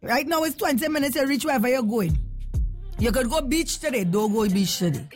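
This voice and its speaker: Lively, high-voiced woman hosting a morning radio show, casual chat over faint music. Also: fairly quick. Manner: lively, chatty, laughs often.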